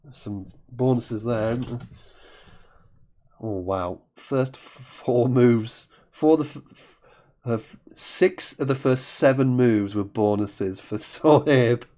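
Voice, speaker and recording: A man's voice: mid-range voice, slow, long pauses, mellow. A man commentating live on a word game, thinking aloud and often correcting himself. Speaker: Scrabble commentator.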